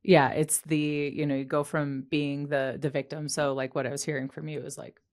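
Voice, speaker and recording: A woman's voice: low voice, little pitch movement, fairly quick, darkish tone. A woman hosting an interview podcast, talking in a casual, reflective way and laughing easily. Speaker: podcast host.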